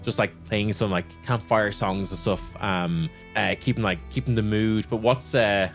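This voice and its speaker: A man's voice: lowish voice, steady tone, normal speed, faint music behind. A man running a tabletop game as game master, talking in a loose, chatty way full of filler words.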